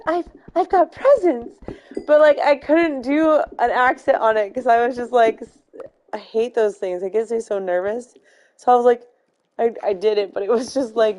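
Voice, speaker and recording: A woman's voice: fairly high pitch, a little mellow. Chatty young woman gaming stream. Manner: chatty, giggly storytelling with many fillers. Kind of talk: casual chat while gaming.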